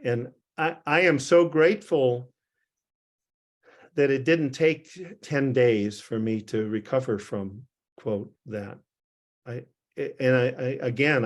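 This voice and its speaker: An older man, a physician, telling a rambling, self-deprecating anecdote to a group on a video call, with frequent restarts and chuckles. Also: medium pitch.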